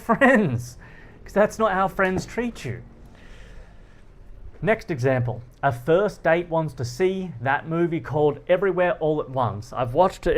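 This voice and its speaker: A man hosting a philosophy talk, explaining ideas through personal stories, animated and often laughing. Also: mid-range voice. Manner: animated, laughs often, acts out quoted lines. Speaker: philosophy channel host. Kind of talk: explanatory monologue with personal anecdotes.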